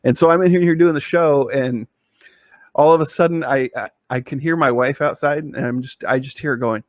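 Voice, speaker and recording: Man, podcast co-host, rambling story, middle pitch, dry close sound. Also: normal speed, no room sound. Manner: rambling, with many fillers and restarts. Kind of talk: casual storytelling chat.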